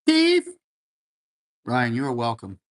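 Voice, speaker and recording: A man's voice: mid-range voice, fairly even intonation, normal speed. A man hosting a casual livestream, reading out viewer comments and answering in a laid-back, encouraging way, often calling people man and brother. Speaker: livestream host. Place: room at home full of racing gear.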